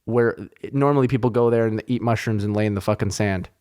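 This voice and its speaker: A man's voice: fairly low pitch, fast, clear, resonant tone. A young man hosting a podcast, telling stories in a casual, heated, profane way. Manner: animated, profane, heated retelling of anecdotes. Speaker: podcast host. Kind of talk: casual storytelling chat.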